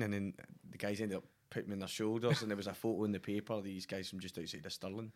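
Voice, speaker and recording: Scottish man, middle-aged, casual chat; low voice, rapid, enthusiastic, restarts often. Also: steady tone. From Scotland. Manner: enthusiastic, lots of "you know" and restarts.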